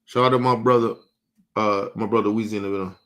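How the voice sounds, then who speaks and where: Quick-paced and fairly low-pitched, this livestream host keeps a steady, fairly bright tone. He rants casually at his chat, blunt and profane, and starts repeating and restarting his words as he heats up.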